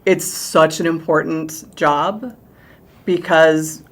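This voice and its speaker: A woman's voice: deep voice, steady tone, slow pace. A middle-aged woman, a theatre director, chatting animatedly in an interview and laughing easily. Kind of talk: casual interview chat.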